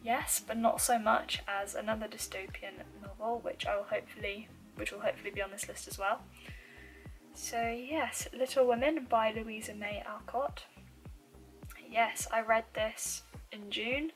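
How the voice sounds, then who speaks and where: A young woman from the UK chatting casually to camera about books she has read, with frequent ums and soft, trailing asides. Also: a little high, fairly even intonation, moderate pace, faint music behind, poor audio. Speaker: book vlogger.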